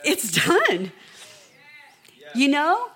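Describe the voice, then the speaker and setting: A middle-aged woman preaching a sermon, telling a story in a hushed voice that builds to impassioned delivery. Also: high voice, wildly swooping pitch, very slow.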